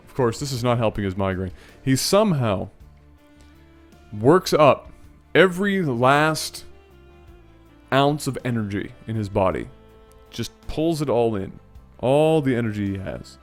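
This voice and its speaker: Animated storytelling man, faint music. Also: medium pitch, unhurried. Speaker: storytelling video host. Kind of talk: casual storytelling vlog.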